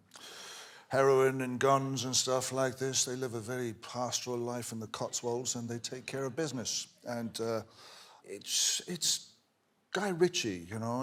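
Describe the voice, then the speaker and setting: An older Irish actor, a talk-show guest, telling relaxed stories with hesitations. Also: male voice, medium pitch.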